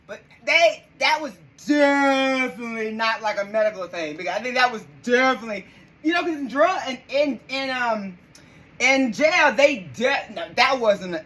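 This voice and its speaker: Woman podcast host, swoops all over the place, pretty high voice, shocked and chatty with her listeners. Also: normal speed, slight background noise, poor audio. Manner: exclamatory, talks straight to listeners; animated and incredulous. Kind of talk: live podcast commentary.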